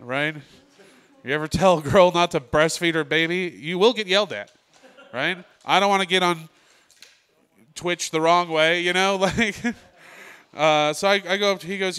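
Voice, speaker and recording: A male comedian doing a stand-up set in a comedy club, telling deadpan stories and quoting the people in them. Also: on the high side, normal speed, clean tone.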